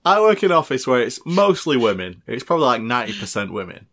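A man's voice: mid-range voice, big pitch swings, fast, fairly bright tone. British man, dry teasing co-host. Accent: British English. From Britain. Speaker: podcast co-host. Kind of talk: casual chat.

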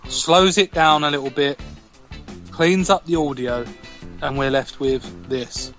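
Man hosting a podcast, playful and teasing, with soft music behind. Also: medium pitch, steady tone. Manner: jokey, teasing, quick asides. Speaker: podcast host. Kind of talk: casual chat.

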